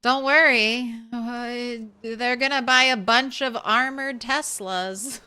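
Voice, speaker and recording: Woman, game streamer, casual livestream chat, playful joking, unhurried, smooth clear voice. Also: a little high, fairly even intonation, sharp tone. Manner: playful, joking asides and chatter to her cat.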